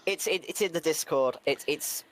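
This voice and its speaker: A man playing in a tabletop game, chatting casually and animated, laughing easily. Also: on the high side, normal speed, crowd noise. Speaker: player.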